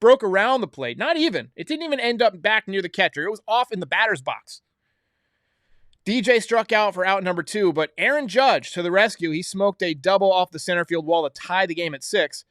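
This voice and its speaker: A man's voice: sits high, animated, fairly quick, fairly bright tone, dry recording, studio quality. A man hosting a baseball recap show, giving blunt, opinionated commentary straight to his viewers. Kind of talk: solo sports recap commentary.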